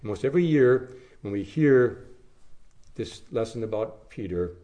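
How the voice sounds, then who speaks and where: A man preaching a sermon, telling the story by rising to emphatic phrases and then dropping to hushed, low lines. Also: animated, a little slow, dull audio.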